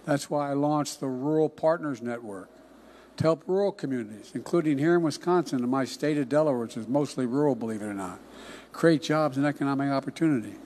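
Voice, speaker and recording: An older man giving a political speech in a folksy, emphatic way, often dropping into hushed asides. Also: medium pitch, brisk. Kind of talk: political campaign-style speech.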